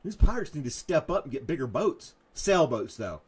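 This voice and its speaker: A man's voice: fairly high pitch, sing-song, normal speed, darkish tone, breathy edge. A man hosting a live morning chat show, rambling and self-mocking, with jokey asides to his dog and to viewers.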